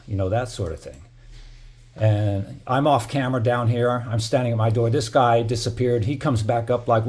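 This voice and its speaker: A man's voice: mid-range voice, normal speed, darkish tone. Heated, rambling middle-aged man. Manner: heated, profane, lots of "you know" fillers. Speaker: building resident narrating security footage. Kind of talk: casual storytelling vlog.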